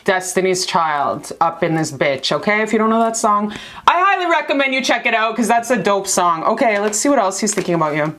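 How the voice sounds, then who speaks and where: A woman's voice: medium pitch, animated, fairly quick, a bit bright, slight background noise. A woman giving a casual tarot reading to camera, slangy and profane, calling viewers baby and sis. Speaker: tarot card reader.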